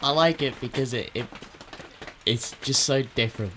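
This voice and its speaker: A man's voice: medium pitch, normal speed, pushed and bright, a little hiss or hum. A man co-hosting a comedy podcast, talking casually with hesitant fillers and the odd swear word. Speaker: podcast co-host.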